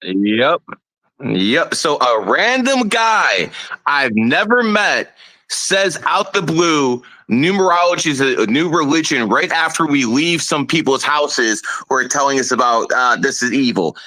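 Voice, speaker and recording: Bright-voiced man chiming in. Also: a little high, animated, a little slow, dry recording. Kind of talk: casual chat.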